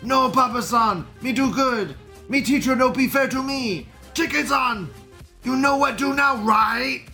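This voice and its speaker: A man voicing a young male student who pleads in broken English, with a high, whiny voice. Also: a little slow, bright, forceful tone, soft background music, full character voice. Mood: pleading.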